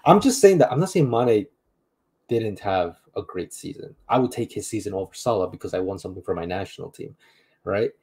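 Man, low husky voice, mellow tone, laid-back football chat. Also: expressive, a little fast. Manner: laid-back, laughs and says bro. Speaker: football show panelist. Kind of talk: casual football debate.

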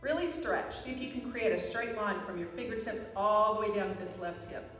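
A woman instructor guiding a live chair yoga class, with calm, encouraging cues and frequent reminders to breathe. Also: mid-range voice, a little fast, distant mic, faint music behind. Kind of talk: live guided fitness class. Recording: echoey hall, voice from afar.

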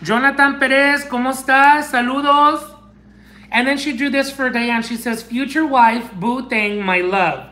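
A man unboxing fan mail in a casual chat, gushing and excitable, bursting into squeals and dropping into Spanish phrases. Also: very high voice, a little slow. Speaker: unboxing vlogger. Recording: echoey room.

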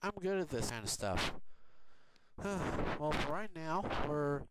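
A man's voice: a little high, big pitch swings, measured pace. Rambling man on a noisy recording. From Houston, Texas. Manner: rambling, chatty, laughs often. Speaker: video blogger. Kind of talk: casual update vlog. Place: quiet home. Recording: noisy home recording with clicks.

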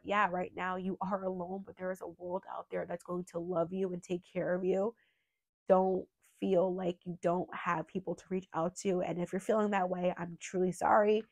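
A woman's voice: mid-range voice, a little mellow, dry recording, clean studio sound. A young woman with a cold, sounding nasal, hosting a true crime channel and rambling in a heartfelt, filler-heavy way. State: sick with a cold. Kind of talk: casual emotional monologue.

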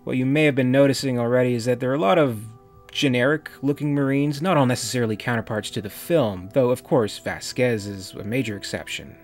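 Brief: dry, wry male host reviewing a magazine parody over soft music. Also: mid-range voice, a little fast. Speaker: video essay host. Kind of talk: comic review narration.

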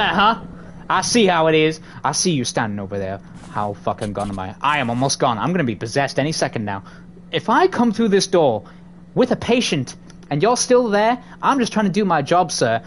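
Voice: mid-range voice, a little hiss or hum. A gamer giving let's-play commentary on a horror game, swearing, taunting and jittery, recorded on a desk microphone indoors.

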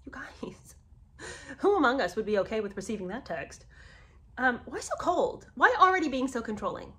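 A woman's voice: on the high side, big pitch swings, normal speed, bright, forceful tone. A woman giving casual, sarcastic commentary on a book, talking straight to her viewers and often rising into indignant disbelief.

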